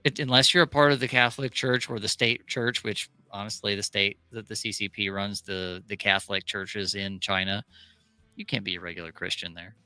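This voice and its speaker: A man's voice: on the low side, fairly even intonation, a little fast, sharp tone, clear, resonant tone, no room sound, faint music behind. A male co-host giving opinionated casual commentary, often restarting his sentences.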